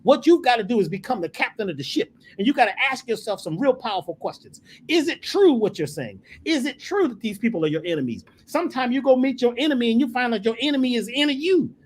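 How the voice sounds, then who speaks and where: A man's voice: extremely high pitch, big pitch swings, quick pace, few pauses. A man talking as a spiritual teacher, emphatic and preacherly, repeating phrases to drive his points home. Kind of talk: emphatic storytelling in conversation.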